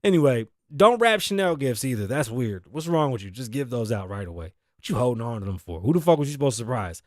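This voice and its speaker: A man's voice: medium pitch, big pitch swings, fast talker, dry recording, studio quality. A young man hosting a talk show, delivering a profane, ranting comedic monologue.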